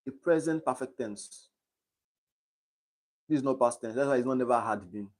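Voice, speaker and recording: A man's voice: medium pitch, normal speed. Young man tutoring on a live stream. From Nigeria. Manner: reads quiz options aloud and checks understanding.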